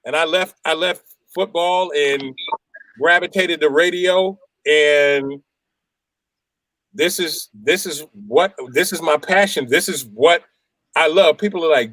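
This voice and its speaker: A man with a slightly high voice, a radio DJ spinning casual stories as a guest. He is animated and slips into mimicking voices as he goes. The sound is dry and close. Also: slow, no echo, rough recording. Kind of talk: casual storytelling chat.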